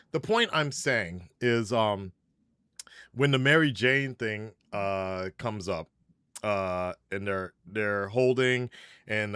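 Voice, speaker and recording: A Japanese man on a livestream panel chats casually about a superhero film, spoiling the movie while rambling with lots of fillers and restarts. His voice is on the low side, a bit bright and smooth. The studio sound is clean with no echo.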